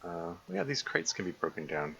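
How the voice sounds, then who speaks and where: This man's low, creaky voice has a bit of brightness and a breathy edge, and he sounds very animated at a moderate pace. He's chatting casually about a survival game on a live stream, wandering off topic, self-correcting, and stammering through restarts. The lo-fi mic sounds slightly dull and carries faint noise.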